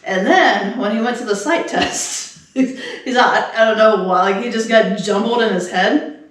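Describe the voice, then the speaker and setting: A woman's voice: fairly high pitch, moderate pace. Middle-aged woman rambling thru a story, laughs a lot, sounds far off in a real echoey room. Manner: rambling storyteller, laughs often, acts out quotes. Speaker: podcast co-host. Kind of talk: casual chat.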